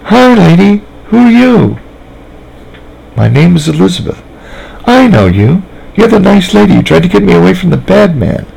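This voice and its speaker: A man's voice: sits high, big pitch swings, normal speed, vocal fry, long pauses, a little mellow, slightly rough, voice pushed up, exaggerated voice, poor audio. A man reading a story aloud, voicing a cheerful, trusting little girl in a sweet, eager child voice. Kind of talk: fan fiction reading aloud.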